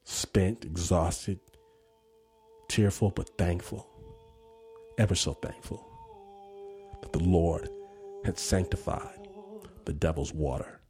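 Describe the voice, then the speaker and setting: A man's voice: sits low, slow, long pauses, darkish tone, faint music behind. A man hosting a radio story show and telling a vivid, dramatic personal story. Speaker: host and storyteller.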